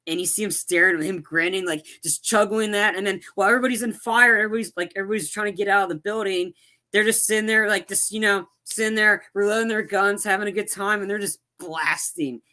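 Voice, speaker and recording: A man's voice: high-pitched, fast talker, pushed and bright. A man co-hosting a podcast, chatting casually about films in a rambling way with lots of fillers and restarts. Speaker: podcast co-host. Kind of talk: casual movie chat.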